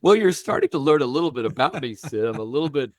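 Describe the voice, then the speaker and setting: A man's voice: medium pitch, quick pace, dry recording. Older man telling a story, dry sound. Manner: animated, acts out quoted dialogue. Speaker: guest. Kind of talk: storytelling interview.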